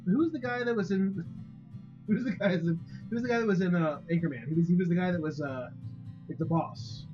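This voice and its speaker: A young man co-hosting a casual recorded stream, excitable and jokey, jumping in with quick reactions. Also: high-pitched. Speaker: stream co-host. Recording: slightly dull with faint music.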